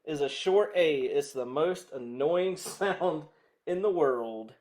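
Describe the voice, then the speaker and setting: A man's voice: fairly high pitch, expressive, takes it slowly, darkish tone. A man with a Southern American accent chatting in a rambling way to viewers while he restrings a guitar. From southern United States. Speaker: guitar vlogger.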